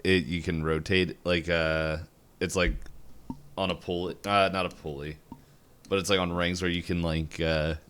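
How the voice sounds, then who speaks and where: A man's voice: low voice, level tone, normal speed, a bit bright, smooth. A man co-hosting a podcast, joking around in laid-back casual chat with hesitant restarts. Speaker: podcast co-host.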